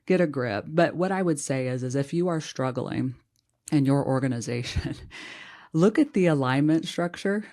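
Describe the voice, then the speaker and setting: Podcast host, HR professional, casual chat, blunt and snarky, ordinary middle pitch. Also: expressive, moderate pace, a little mellow.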